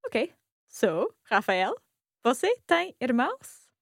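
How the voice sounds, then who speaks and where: A woman's voice: on the high side, sing-song, measured pace, creaky, no echo, clean studio sound. A woman with a Scottish accent co-hosting a language podcast as the learner, asking careful follow-up questions. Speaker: learner co-host.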